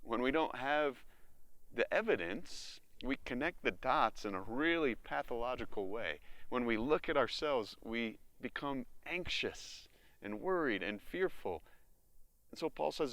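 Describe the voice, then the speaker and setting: American man, pastor, sermon, slow delivery, bright tone, lively pitch. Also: dry recording. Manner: expressive preaching with acted-out inner voices.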